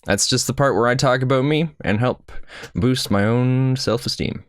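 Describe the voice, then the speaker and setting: A young man co-hosting a podcast in casual chat, laughing often and rambling through quick restarts. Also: mid-range voice, dry recording. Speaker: podcast co-host.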